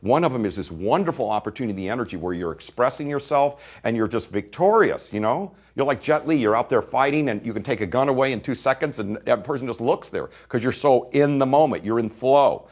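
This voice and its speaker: A man teaching energy practices in a spoken talk, retelling a conversation with a client and then speaking straight to his listeners, moving between emphatic and quiet delivery. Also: mid-range voice, lively intonation, a little fast, few pauses.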